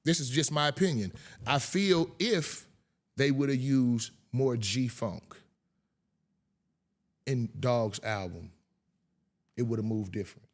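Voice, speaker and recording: A man in casual podcast conversation, talking in an animated way and repeating himself for emphasis. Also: slow pace, long pauses. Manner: animated, repeats himself, imitates bass sounds.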